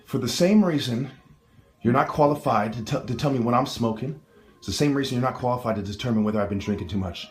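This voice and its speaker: A man's voice: mid-range voice, fast talker, faint music behind. A man filming a heated family argument, talking in an insistent, lecturing way. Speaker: son filming an argument with his mother and police. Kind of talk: heated home recording.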